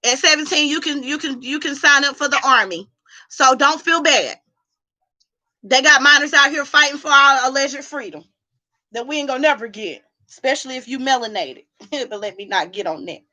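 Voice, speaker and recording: A woman hosting a casual livestream while drinking, sassy and animated as she talks back to the chat from home. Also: high-pitched, moderate pace. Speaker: livestream host.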